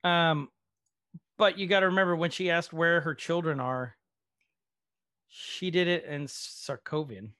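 A man's voice: on the high side, steady tone, a little slow, pauses often, sharp tone. A man co-hosting a podcast, casually recapping a TV episode and leading the discussion with many fillers. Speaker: podcast co-host.

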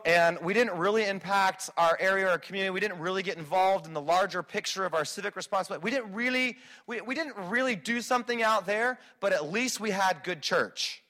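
A man preaching a sermon as a pastor, swinging between quiet reflection and loud, driving emphasis. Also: high-pitched, a little fast.

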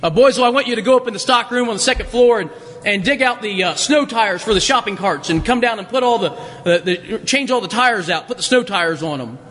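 A man voicing a bossy grocery store manager giving brisk instructions, in an echoey hall. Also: high voice, lively intonation, a bit bright.

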